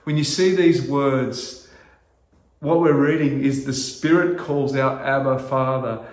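A middle-aged man preaching a sermon as pastor, earnest and halting, restarting phrases and rising to loud emphasis. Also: mid-range voice, echoey room.

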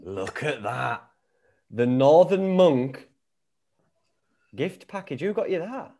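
A man's voice: fairly high pitch, very animated, takes it slowly, warm tone. A man hosting a podcast, bantering casually over a video call. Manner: banterous, joking, swears casually. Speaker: podcast host.

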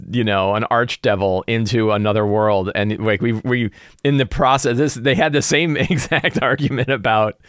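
A man who runs tabletop games, chatting casually about his prep and recapping the last session. He rambles and restarts his sentences often, with plenty of fillers. The audio is dry and close, and his pitch sits in the middle. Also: no echo. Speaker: game master. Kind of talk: casual game-prep vlog.

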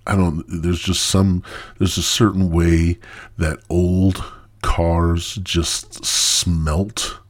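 A man's voice: sits low, flat delivery, very slow. A stoned man hosting his own podcast in a crude, rambling monologue that loses its thread. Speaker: podcast host.

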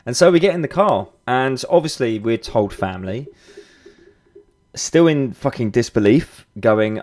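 A man in his thirties, hosting a podcast, tells a personal story in a candid, casual way, with swearing, fillers and restarts. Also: lowish voice. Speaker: podcast host.

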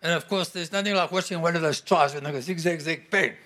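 A middle-aged man preaching a sermon to a congregation, emphatic and animated. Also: a little high, fast. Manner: animated, emphatic, bursts into acted-out quotes.

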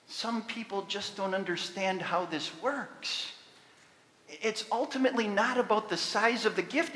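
A man preaching a sermon as pastor, animated and rising to loud emphasis on key points. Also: very high-pitched, long reverb tail.

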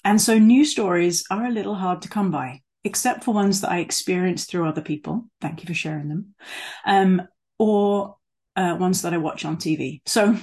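A woman delivers a sermon as if chatting with her congregation, scattering fillers and asides. Her voice sits low and sounds husky. She slows down and presses on words she wants to land. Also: darkish tone. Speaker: preacher.

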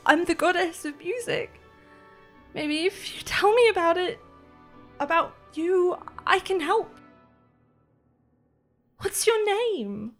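A woman voicing a desperate feathered goddess of music, pleading in a high, strained voice. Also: animated, slow, long pauses, exaggerated voice.

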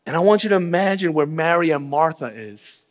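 A male pastor delivers a sermon in a fairly high voice, earnest and reflective. He sinks to a hushed low tone on sorrowful moments and lifts sharply for emphasis. The sound carries a long reverb from a church sanctuary. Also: expressive, a little fast.

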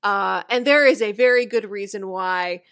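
A woman in her thirties co-hosts a relaxed recap chat. She steers the talk along and drops dry asides. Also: mid-range voice, moderate pace, smooth. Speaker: podcast co-host.

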